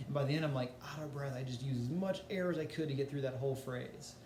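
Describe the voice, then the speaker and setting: A man gives a casual music lesson in a loose, chatty way, with filler words along the way. His voice sits at an ordinary middle pitch. The room rings with echo, and a faint hiss stays under it. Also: quick pace. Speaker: music teacher.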